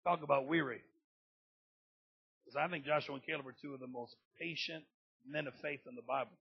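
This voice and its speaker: A man preaching a sermon with a gravelly, husky voice, swinging from low talk up to loud shouting. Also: fairly even intonation, brisk, lo-fi sound. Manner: builds from low talk to loud shouting, acts out family members. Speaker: pastor.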